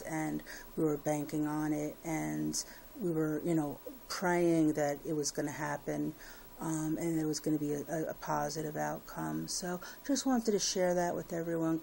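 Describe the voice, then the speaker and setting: Low, flat, gravelly-voiced woman vlogging. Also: slight background noise. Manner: rambling, full of fillers and restarts. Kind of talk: casual personal update to viewers.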